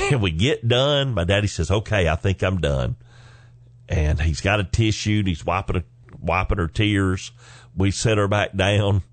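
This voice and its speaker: Low-voiced folksy man in his forties. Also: measured pace, dry recording. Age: 40s. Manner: folksy, animated storyteller who chuckles between lines. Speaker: podcast host. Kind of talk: personal storytelling.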